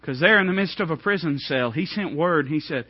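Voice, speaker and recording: A man preaching a sermon, swinging from hushed, low lines to ringing, high outbursts. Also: lively intonation, a little fast, breathy edge, no room sound, lo-fi sound.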